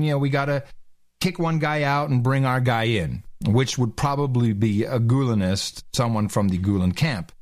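A man's voice: mid-range voice, no room sound, clean studio sound. Sarcastic man on a casual podcast. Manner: sarcastic, mocking, quick jokes. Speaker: podcast co-host. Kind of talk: casual chat. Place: Austin.

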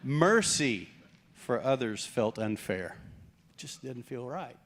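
A man's voice: mid-range voice, slow, slight background noise. A man preaching a sermon, joking with the congregation and acting out the characters in the story. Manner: jokey, animated preaching with acted-out quotes. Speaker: pastor.

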